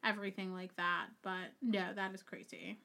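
A young woman co-hosting a podcast in relaxed, agreeable chat with many fillers. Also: mid-range voice, moderate pace, creaky. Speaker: podcast co-host. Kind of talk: casual chat.

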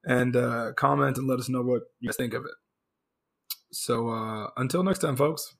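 A man with a gravelly, fraying voice co-hosts a casual podcast chat. He rambles loosely, restarting his sentences, and sounds worn out as his voice gives way. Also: mid-range voice, normal speed, over music. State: voice fading, hoarse. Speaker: podcast co-host.

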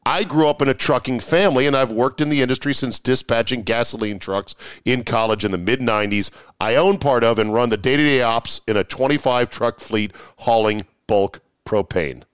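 A man's voice: mid-range voice, moderate pace, hardly any pauses, clear, resonant tone, no room sound. A man hosting a casual sports podcast, reading listener emails aloud and trading sardonic remarks. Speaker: podcast host.

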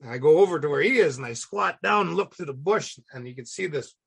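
A gravelly, raspy man in middle age tells a story in a loose, salty way. He keeps acting out the people in it. His voice sits a bit high for a man. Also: quick pace. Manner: animated, salty, acts out voices. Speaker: guest. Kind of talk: casual storytelling.

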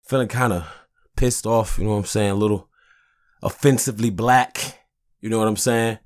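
A man's voice: fairly low pitch, steady tone, normal speed. Angry, profane man ranting on a podcast. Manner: angry, profane, heated, frequent "you know what I'm saying". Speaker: podcast host. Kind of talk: casual podcast rant.

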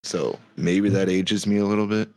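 A man's voice: fairly low pitch, fairly even intonation, normal speed, darkish tone. A man, a car salesman guest on a podcast, chatting casually, laughing often and swearing freely. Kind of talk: casual chat.

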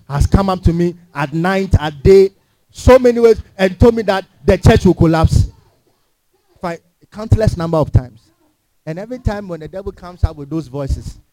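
A man's voice: on the high side, dark tone, dry recording. A man preaching a sermon in a church, emphatic and full of rhetorical questions to the congregation. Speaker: pastor.

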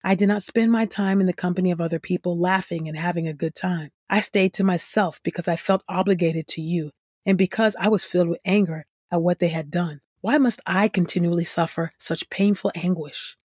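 Female scripture reader, husky mid-pitch voice, earnest, close dry studio sound. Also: fairly even intonation, brisk, darkish tone, no room sound.

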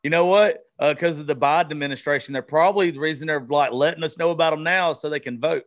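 A man's voice: fairly high pitch, fast. A male podcast host in casual, profane chat, often stumbling and restarting his sentences.

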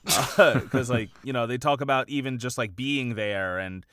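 A man's voice: medium pitch, normal speed, a bit bright, dry recording. Rambling male podcast co-host, dry sound. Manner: rambling, heavy use of "like" and "you know". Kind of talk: casual podcast chat.

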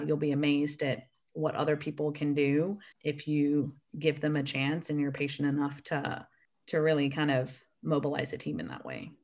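A woman in her thirties with an American accent, an Air Force officer telling stories with laughter as a podcast guest. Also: low voice. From grew up in the UK. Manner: chatty, laughing storyteller. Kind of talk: casual podcast interview.

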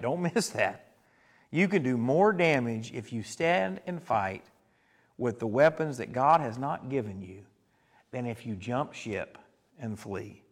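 A man's voice: medium pitch, a bit bright. A male pastor preaching a sermon, telling stories with emphasis and putting questions to the congregation.

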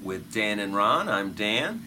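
A man hosting a casual fan podcast, relaxed and steering the talk through the episode. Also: lowish voice, slow. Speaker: podcast co-host. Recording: audible air conditioning hum.

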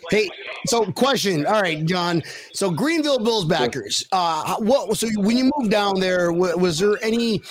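A young man with a fairly high voice hosts a casual podcast. He jokes freely and laughs easily. His talk is loose and full of casual swearing. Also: animated, measured pace, crowd noise, low-quality recording. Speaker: podcast host. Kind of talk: casual chat.

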